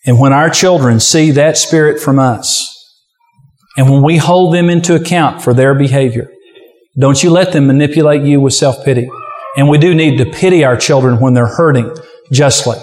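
A pastor preaching a sermon with forceful, repetitive exhortation. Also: male voice, medium pitch, normal speed, long reverb tail.

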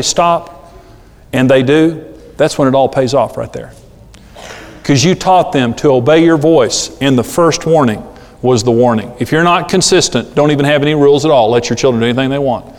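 A man preaching a sermon, telling stories and acting out the people in them. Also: mid-range voice. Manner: storytelling, acting out quoted people. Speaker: pastor. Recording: long reverb of a large hall.

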